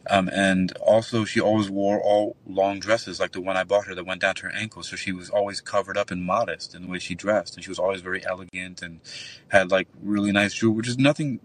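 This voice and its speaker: A man's voice: low voice, brisk, far from the mic. A man who works as a nightclub bouncer, telling a long, rambling, profane story in casual call-in chat. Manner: rambling, profane, animated retelling.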